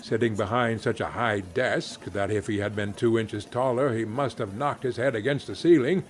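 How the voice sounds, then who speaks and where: A man reading a classic story aloud in an expressive, unhurried way with occasional wry asides. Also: on the low side, slight background noise.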